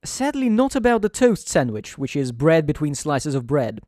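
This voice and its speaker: A man hosting a let's play with dry, sarcastic commentary. His voice sits fairly high. The recording is close and dry. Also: big pitch swings, moderate pace, darkish tone, dry recording. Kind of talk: gameplay commentary.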